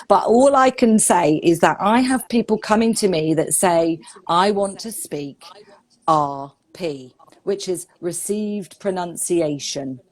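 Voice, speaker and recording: A woman's voice: lowish voice, slow. A woman from the UK with a southern English accent, an English teacher talking casually and expressively in a live-stream conversation. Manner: chatty, expressive, laughs often.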